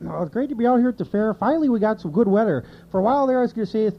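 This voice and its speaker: A man doing an impression of a rambling older male sportscaster who clears his throat and jumps between topics, on an outdoor fair stage. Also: high-pitched, expressive, very fast, dull audio. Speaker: impression contest contestant.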